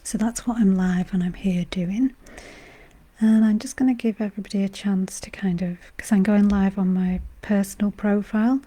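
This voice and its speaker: A gentle, whispery woman from Britain guides a live meditation stream while unwell, her voice thin and going. Her tone is dark and mellow, and she rambles kindly with plenty of fillers. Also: medium pitch, fairly even intonation, moderate pace. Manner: soft-spoken, gentle and rambling, with frequent fillers. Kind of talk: casual spiritual talk on a live stream.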